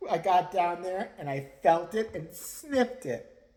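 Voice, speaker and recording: A man's voice: high voice, lively intonation, takes it slowly, dark tone. A male vlogger ranting crudely, mocking and laughing often as he talks. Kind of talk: profane rant commentary.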